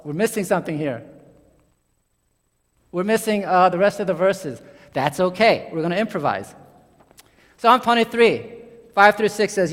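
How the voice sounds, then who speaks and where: A man preaching a sermon as pastor, talking conversationally, climbing into excited bursts and then sinking low and quiet. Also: in a large hall.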